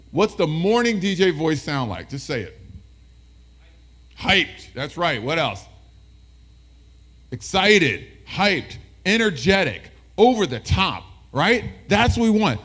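A man giving a motivational presentation to educators as a keynote speaker, lively and talking with the audience, often acting out voices. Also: high voice, measured pace. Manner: animated, talks with the audience, acts out voices.

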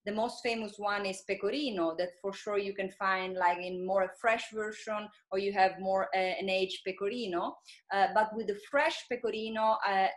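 Italian-accented woman from Sicily, estate manager, easy conversational talk. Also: medium pitch. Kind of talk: casual video-call chat.

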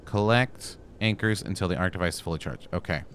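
A low-voiced man narrates his gameplay in a chatty, casual way. He talks back to the game and lets out flustered yelps. Game sounds play clearly behind him. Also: brisk, fairly bright tone, slight background noise. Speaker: gaming YouTuber.

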